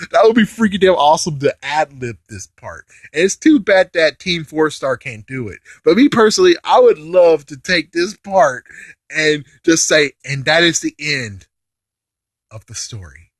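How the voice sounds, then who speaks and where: A young man recapping an anime episode in casual chat, excitable, laughing often and swearing as he acts out characters' lines. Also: a little high, moderate pace, no room sound.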